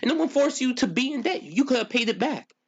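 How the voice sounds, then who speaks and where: A man's voice: very high-pitched, expressive, fast, breathy edge, dull audio. A man streaming live and talking to his chat in a ranting, incredulous way, full of rhetorical questions.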